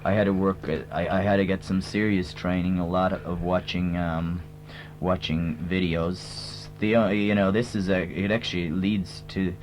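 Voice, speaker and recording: A man with a put-on American accent, talking as a tribute band singer in a comic radio interview. He rambles deadpan, full of hesitant fillers. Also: low voice, normal speed, few pauses. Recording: dull lo-fi old radio tape with hum.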